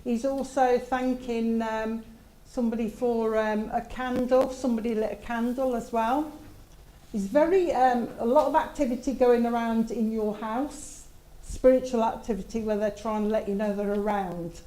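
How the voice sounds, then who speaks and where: Chatty woman medium, mellow voice. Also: on the high side, fairly even intonation, moderate pace, low-quality recording. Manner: chatty, relaying messages with asides. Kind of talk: mediumship demonstration at a service.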